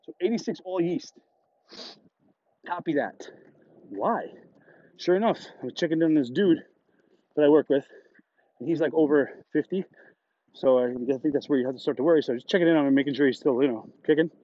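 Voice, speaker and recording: A man's voice: brisk, pauses often, no echo, muffled recording. A man hosting a podcast, telling rambling, profane stories in a casual monologue. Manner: rambling, profane, jumps up in pitch for quoted voices. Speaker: podcast host.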